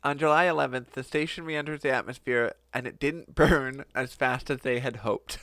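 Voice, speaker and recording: A man's voice: medium pitch, fairly even intonation, moderate pace, a bit bright, no room sound. A man co-hosting a podcast, telling a story in casual comedic chat, laughing often and putting on goofy voices. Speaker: podcast co-host.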